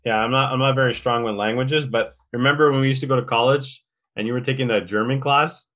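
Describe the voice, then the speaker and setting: A man's voice: medium pitch, fairly even intonation, fast talker, a bit bright. A man co-hosting a podcast, talking casually and reflectively, often restarting his sentences. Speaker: podcast co-host. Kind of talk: casual chat.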